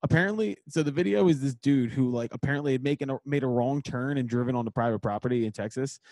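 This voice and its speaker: A man's voice: mid-range voice, fast, no echo. A young man co-hosting a podcast in casual chat, telling stories with acted-out quotes and lots of swearing. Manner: animated storyteller, acts out quotes, swears freely. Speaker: podcast co-host.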